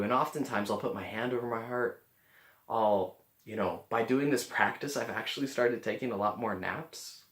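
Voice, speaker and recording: A man's voice: mid-range voice, moderate pace, a bit bright. A man talks casually to the camera, earnest and a little rambling, restarting his phrases as he goes. His voice sits in a middle register. The sound is roomy, with a noticeable echo off the walls. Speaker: vlogger.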